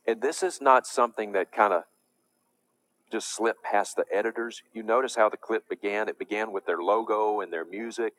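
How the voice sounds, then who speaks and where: Emphatic low-voiced male preacher. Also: normal speed, a bit bright, dry recording. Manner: emphatic, indignant. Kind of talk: preaching lecture.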